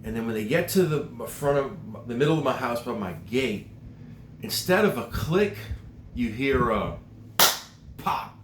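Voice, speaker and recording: A man's voice: mid-range voice, expressive, normal speed. Middle-aged male vlogger, earnest and emotional, echoey room with noise behind. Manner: earnest, emotional, rambling with fillers. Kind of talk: casual storytelling vlog.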